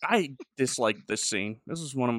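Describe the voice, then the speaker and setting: A man's voice: mid-range voice, moderate pace, no echo, studio quality. A man, a podcast co-host and pastor, chatting casually about a show and acting out the characters' lines as he retells scenes. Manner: animated, voices characters in quoted dialogue. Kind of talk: casual review chat.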